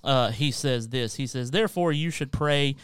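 A man's voice: medium pitch, moderate pace, clear, resonant tone, dry recording. A man co-hosting a podcast, explaining Bible verses in a casual, earnest way with everyday examples. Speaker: podcast co-host. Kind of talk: casual Bible study discussion.

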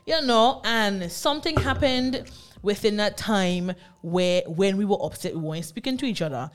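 A woman, co-hosting a casual group chat show and telling a personal story with lively, acted-out quotes. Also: normal speed. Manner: animated storyteller, acts out quoted lines in a much higher voice. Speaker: podcast co-host.

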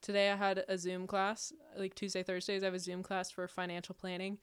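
A woman's voice: medium pitch, monotone, fairly quick, clear, resonant tone, no echo. A woman in her twenties from the United States, co-hosting a podcast in casual chat, giggling often. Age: 20s. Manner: giggly, laughs often, chatty. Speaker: podcast co-host. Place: podcast studio.

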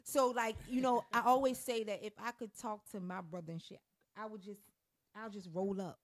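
A woman's voice: mid-range voice, normal speed. A woman in her forties hosting a podcast, telling stories in casual, profane chat. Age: 40s. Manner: profane, storytelling, animated. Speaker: podcast host.

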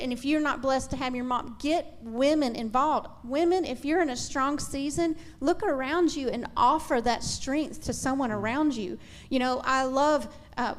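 On a faith-based talk show, a middle-aged woman with a high voice speaks earnestly and encouragingly to mothers. She makes frequent small restarts.

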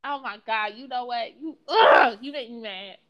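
A woman's voice: fairly high pitch, moderate pace, a bit bright, highs cut off. A woman co-hosting a live talk show, teasing her co-host in profane casual banter. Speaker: podcast co-host.

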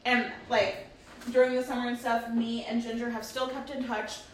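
A young woman in her twenties tells a story on a podcast with a slightly high voice and lots of swearing. She talks animatedly in casual chat. The room echoes around her, with a faint background hiss. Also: normal speed. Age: 20s. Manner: swears constantly, animated retelling. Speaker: podcast co-host.

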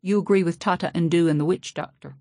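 Storybook figure: proud, stubborn teen girl, flat and clipped, as a woman reads her. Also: fairly low pitch, fairly quick, dry recording, clean studio sound, lightly acted. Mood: quiet defiance. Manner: defiant, clipped.

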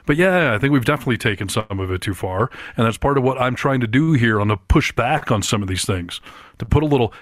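Male podcast co-host, forceful and opinionated, mid pitch, dry close recording. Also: expressive, fast talker, no echo. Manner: emphatic, argumentative. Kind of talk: casual opinionated chat.

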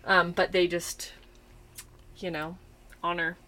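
A woman co-hosting a casual podcast, telling a story in an animated way and swearing freely. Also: fairly low pitch, slow. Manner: animated, swearing, acts out her own reactions.

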